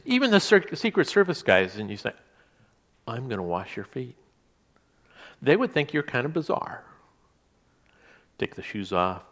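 A man preaching a sermon in a relaxed, conversational way, with asides and restarts. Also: on the low side. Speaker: pastor.

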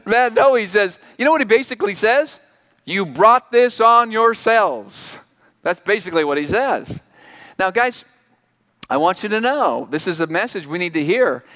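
A man's voice: high voice, big pitch swings, moderate pace, fairly bright tone. A man preaching a sermon in an emphatic, conversational way, asking the congregation rhetorical questions. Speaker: pastor. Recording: reverberant hall.

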